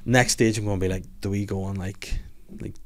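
Fast-talking sweary man. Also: lowish voice, fairly even intonation, a crowd in the background. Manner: sweary, jokey, rambling with restarts. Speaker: podcast host. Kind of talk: casual podcast chat.

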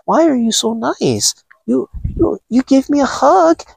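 A meek, grateful young woman, as a man mimics her in a mocking aside, pitched far above his usual voice and kept soft. The delivery is slow and drawn out, and the voice sounds a little set back from the mic. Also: lively intonation, creaky, husky, no room sound, full character voice. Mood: timid. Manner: soft, high, exaggerated mimicry.

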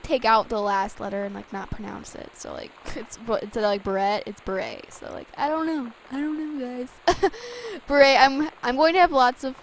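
A woman's voice: fairly high pitch, slight background noise, low-quality recording. A young woman giggling and chatting as she plays a game, reading its text aloud. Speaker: let's play gamer. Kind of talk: casual gameplay commentary.

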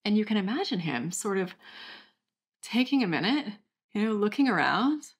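A young woman hosting a channel, calmly and gently guiding listeners through a step-by-step brain training exercise. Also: medium pitch, moderate pace, slightly rough. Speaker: channel host, recovery coach. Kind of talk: guided exercise instruction.

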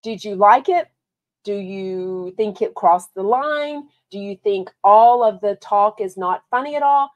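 Chatting about reality TV on her podcast, a woman from Texas speaks with a Texan accent, keeping it lively and casual as she reads out viewer comments. She has a medium-pitched voice and a measured pace, and the sound is phone quality.

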